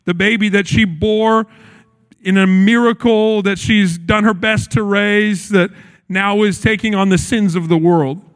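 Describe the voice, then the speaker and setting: A man preaching a sermon with feeling, acting out the quoted lines as he goes. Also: sits high. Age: adult, recalls his childhood. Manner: earnest, acts out quotes with shifts in voice. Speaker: pastor.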